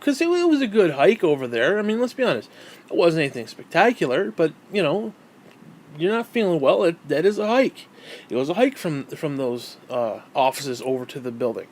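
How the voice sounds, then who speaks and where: A man's voice: a little high, very animated, fairly quick, darkish tone. Furious, profane man ranting. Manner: hostile, heavily profane. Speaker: vlogger. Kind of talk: angry personal rant.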